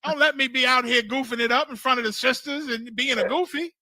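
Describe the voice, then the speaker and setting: A man's voice: very high-pitched, a little fast, bright, forceful tone, dry recording. A man leading a scripture class, preaching in a loose, streetwise way with profanity and acted-out exchanges.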